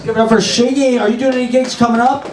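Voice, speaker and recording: A man's voice: very high-pitched, little pitch movement, fast talker. A man hosting an open mic, hyping up the crowd as he brings comedians on and off. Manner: hyped, cheering up the crowd. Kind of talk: emcee introductions. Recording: echoey room, distant mic, faint ambience.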